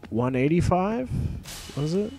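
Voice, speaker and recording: A man's voice: fairly high pitch, big pitch swings, unhurried, warm tone. A young man giving casual, rambling let's-play commentary, swearing freely and getting easily annoyed with the game. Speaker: gameplay commentator.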